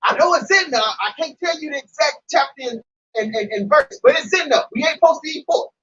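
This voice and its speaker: High, bright-voiced New man. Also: brisk. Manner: animated, emphatic, swears freely. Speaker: Hebrew Israelite member discussing scripture. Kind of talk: casual religious discussion. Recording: distant dull mic with faint noise.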